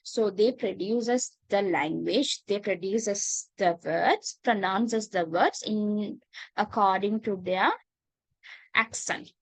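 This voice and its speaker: A woman with a Sri Lankan accent teaching English in an online class. She is patient, calls students darling and dear, and pauses often with "uh". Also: mid-range voice, no echo, rough recording. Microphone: video call.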